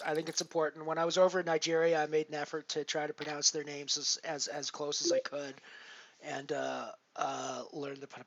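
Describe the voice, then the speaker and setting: A man's voice: fairly high pitch, fairly bright tone, no echo, muffled recording. A man casually chatting to his viewers while he plays online poker, rambling with lots of fillers and restarts. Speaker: poker streamer. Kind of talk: casual live-stream commentary.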